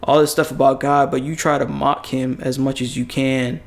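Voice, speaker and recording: Male co-host, everyday mid pitch, blunt and profane in casual talk. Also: flat delivery, normal speed, creaky. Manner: blunt, profane, rambling opinions. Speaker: podcast co-host. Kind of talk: casual podcast chat.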